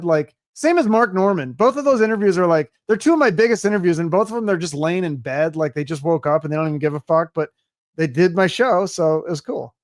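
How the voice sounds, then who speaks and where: High-voiced chatty man hosting. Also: no echo, clean studio sound. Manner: enthusiastic, chatty, swears casually. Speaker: podcast host. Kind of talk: casual chat.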